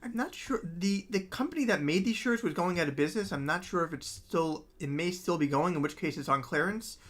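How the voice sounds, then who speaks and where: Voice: mid-range voice, animated, fairly quick, a bit bright. A musician chatting casually on their own livestream, rambling with many ums and frequent laughs.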